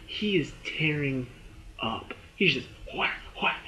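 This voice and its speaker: A man giving a casual spoken review of a TV episode. He retells the scenes in an excited rush, with lots of fillers. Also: on the high side, takes it slowly, poor audio.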